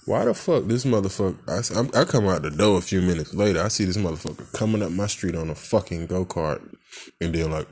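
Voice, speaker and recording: A man's voice: deep voice, expressive, a little fast, a little mellow. A man venting in an angry, profane rant, full of rhetorical questions and frustration.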